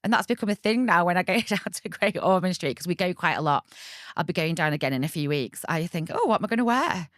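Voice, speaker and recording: Chatty woman, low and close. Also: fast, dry recording. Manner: chatty, animated, laughs often and acts out quoted voices. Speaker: podcast guest. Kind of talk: candid personal storytelling.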